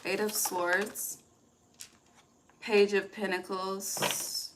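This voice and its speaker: A woman's voice: mid-range voice, flat delivery, very slow, noisy background. A woman giving a casual, rambling tarot reading, laughing often and trailing off mid-sentence. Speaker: tarot reader.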